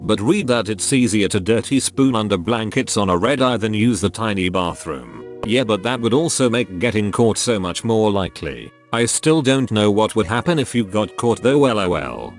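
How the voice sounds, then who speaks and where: A man's voice: fairly low pitch, animated, normal speed, few pauses, soft background music. A man reading out online posts in a casual narration, adding wry joking comments between them. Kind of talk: casual narration with jokey asides.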